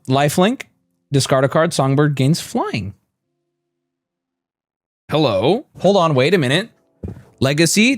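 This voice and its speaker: A male streamer opening card packs live and reading the cards aloud, excitable and profane. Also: mid-range voice.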